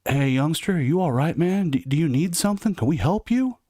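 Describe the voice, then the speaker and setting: A gentle old biker inmate talks low and calm, his voice rising a little, as a man puts him on. The sound is dry and close, with no room echo. His tone stays easy and careful. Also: fairly quick. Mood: concerned. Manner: quiet and calm.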